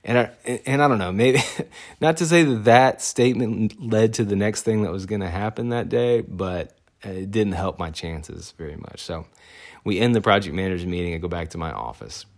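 A man in his thirties with a notably deep, low voice tells a story from his own life. He talks casually and loosely, circling back with fillers and self-corrections, and breaks into a wry laugh at his own misfortune. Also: normal speed.

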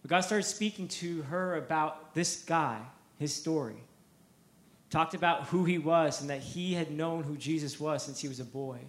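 A man's voice: on the high side, normal speed, roomy sound. A man preaching a sermon, telling a story with energy, repeating words and acting out the quotes.

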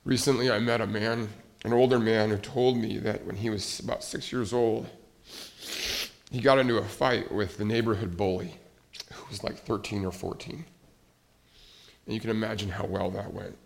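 A pastor preaching a conversational sermon, pausing often with fillers and restarts. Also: male voice, lowish voice, steady tone, vocal fry. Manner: conversational, hesitant with many fillers.

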